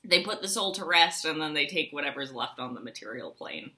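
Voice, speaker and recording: A woman's voice: deep voice, big pitch swings, brisk, bright, forceful tone. A woman co-hosting a podcast in casual chat, wry and articulate, with dry asides. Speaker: podcast co-host.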